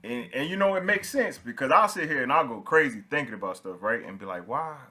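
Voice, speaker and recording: A man's voice: medium pitch, quick pace. A young man hosting a casual podcast, telling stories with a lot of energy and laughing as he goes. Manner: animated storyteller, laughs while telling stories. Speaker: podcast host.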